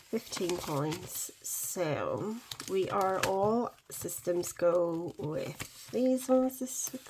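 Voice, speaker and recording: A woman chatting casually in a budgeting vlog, counting money out loud and correcting herself as she goes. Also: fairly low pitch, background noise. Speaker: budgeting vlogger. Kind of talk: casual cash-stuffing vlog.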